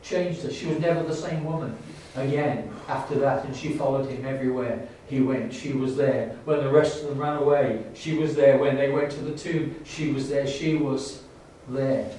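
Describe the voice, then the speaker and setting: A man's voice: mid-range voice, steady tone, mellow, a little hiss or hum. Echoey distant man preaching. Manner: halting, full of restarts and fillers, rising to fervent emphasis. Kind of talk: sermon. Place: church. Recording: echoey church hall, distant mic.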